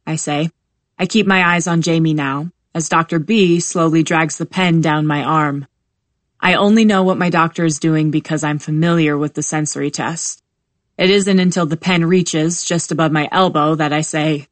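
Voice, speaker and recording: A woman reads a first-person novel aloud with measured calm. Her voice sits low and sounds dry and close, with no room around it. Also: dry recording. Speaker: audiobook narrator.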